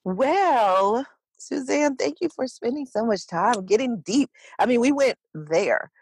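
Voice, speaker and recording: A woman hosting a podcast interview in casual chat, enthusiastic and quick to agree. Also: a little high, animated, darkish tone, a little hiss or hum. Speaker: podcast host.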